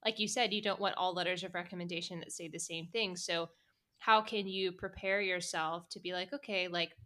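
A young woman co-hosting a casual advice chat, talking in an animated, self-deprecating way. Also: on the low side, a little fast. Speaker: co-host.

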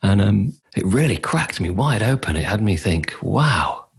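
A man's voice: on the low side, big pitch swings, a little slow, vocal fry, husky. A middle-aged man, a coach, telling his story in a candid, emotional, self-deprecating conversational way.

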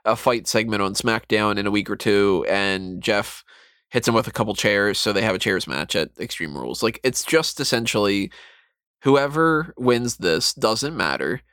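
A man co-hosting a casual chat, rambling through his points with a voice that rises and falls a lot. He speaks a little low. The sound is dry and close. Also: moderate pace, clear, resonant tone, no room sound. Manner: animated, mocking asides, rambling. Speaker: podcast co-host.

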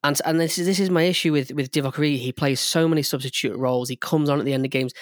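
Excitable man, dry studio sound. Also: fairly high pitch, rapid-fire, hardly any pauses, dry recording. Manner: enthusiastic, teasing, animated bursts. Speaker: podcast host. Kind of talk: casual sports chat.

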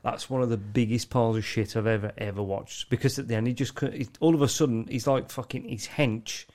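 A man's voice: medium pitch, fairly even intonation, a little fast, a little mellow. A man co-hosting a casual podcast chat, sweary and laughing a lot, often mimicking voices in quotes. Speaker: podcast co-host.

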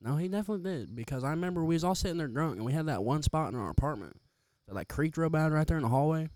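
His voice is a little high and he races through his words as a young podcast co-host, casually telling rambling stories full of profanity with animated flair. No room sound is audible.

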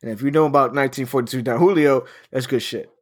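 A man's voice: medium pitch, fast, a little mellow. A man in his thirties telling a story in casual chat, swearing often and laughing as he talks. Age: 30s. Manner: profane, laughing anecdote telling.

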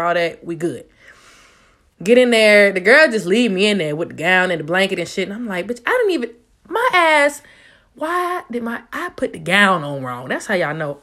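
A vlogger in her twenties talks directly to her viewers in a loose storytime monologue. She's loud and profane, frequently jumping into high-pitched squeals for emphasis.

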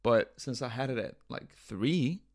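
A young man hosts his own podcast, talking off the cuff with crude, irreverent jokes. His voice carries a gravelly fry at mid pitch. The sound is dry and close to the mic. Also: lively intonation, measured pace, no echo. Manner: joking, irreverent, swears a lot, laughs at own bits. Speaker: podcast host. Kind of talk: casual solo podcast rant.

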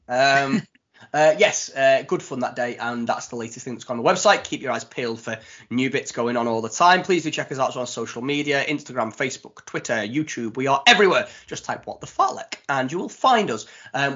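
A man's voice: mid-range voice, expressive, fairly quick, a bit bright, slightly rough. A man hosting a podcast in a casual, jokey way, full of ums and asides. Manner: chatty, jokey, with many ums. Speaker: podcast host. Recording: dull lo-fi podcast audio.

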